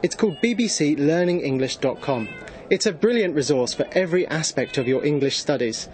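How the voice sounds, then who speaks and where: Man doing a helpful young cat, lively pitch, faint hiss. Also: fairly quick, lightly acted. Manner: chatty, helpful. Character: helpful chatty young male cat Apple. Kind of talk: school panto acting.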